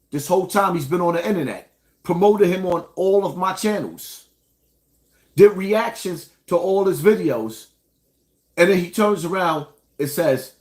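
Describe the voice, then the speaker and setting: Man from New York, fairly high voice, indignant direct-to-camera commentary. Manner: indignant, addresses viewers directly. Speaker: online show host. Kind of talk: commentary rant.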